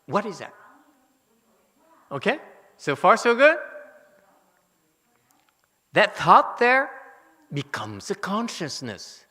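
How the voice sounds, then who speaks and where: A man teaching a Buddhist dharma lecture, animated and teasing, with many rhetorical questions to his listeners. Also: high voice, takes it slowly, long pauses. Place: temple lecture hall. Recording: hall reverb.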